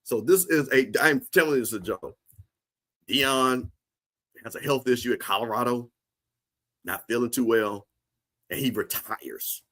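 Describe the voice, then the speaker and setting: A man's voice: mid-range voice, a little slow, pauses often. A man hosting a casual livestream, joking and talking straight to his viewers in the chat. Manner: animated, joking, talks to chat. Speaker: livestream host.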